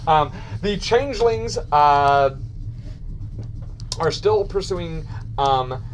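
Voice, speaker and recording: Rambling game master, higher male voice. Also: animated, extremely slow, slight background noise. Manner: rambling, many restarts and fillers, laughing often. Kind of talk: narrating a tabletop game.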